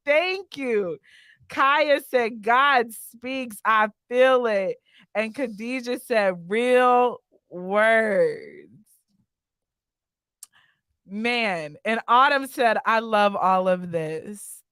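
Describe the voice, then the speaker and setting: A woman's voice: on the high side, drawn-out words, a bit bright, clean tone, no room sound. A woman hosting a live-stream interview, effusive and emotional, reading viewer comments aloud. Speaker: podcast host.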